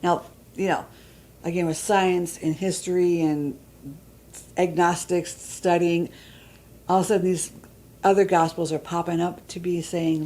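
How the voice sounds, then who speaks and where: A woman's voice: fairly low pitch, flat delivery, measured pace, pauses often, warm tone, low-quality recording. A woman giving a conversational church teaching, reading scripture aloud and checking in with her listeners. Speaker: Bible teacher.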